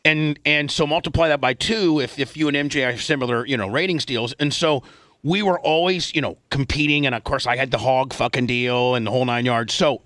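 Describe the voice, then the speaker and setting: A man's voice: mid-range voice, brisk, fairly bright tone, dry recording. A middle-aged male radio host telling an old story in casual, profane chat and acting out the quotes.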